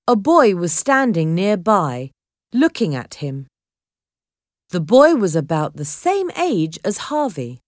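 A woman reading a story aloud at a slow, clear pace, her pitch moving in a lively way through the narration. The recording is dry and close. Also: no room sound.

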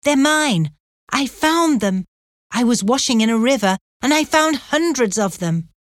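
A woman reading as an earnest young man home after years away, in a slow storybook voice. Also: on the high side, lively intonation, no room sound, clean studio sound, voice pushed up. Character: young man, freed convict, bold and tender.

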